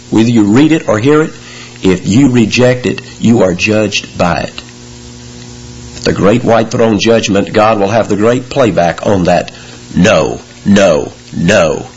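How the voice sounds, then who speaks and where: A man preaching a sermon, explaining scripture verse by verse and rising in pitch and force on key words. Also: slightly rough, lo-fi sound. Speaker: pastor.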